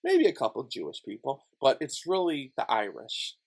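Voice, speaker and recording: A man's voice: mid-range voice, wildly swooping pitch, moderate pace, gravelly. A man from Chicago on his YouTube channel, delivering a heated, profane, repetitive rant. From Chicago, USA. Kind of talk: ranting monologue vlog.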